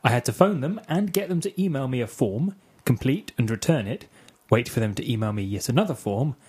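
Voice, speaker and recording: A man's voice: medium pitch, lively intonation, a little fast, a little mellow, slightly rough. A man co-hosting a tech podcast, bantering jokingly and reading listener emails aloud. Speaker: podcast co-host.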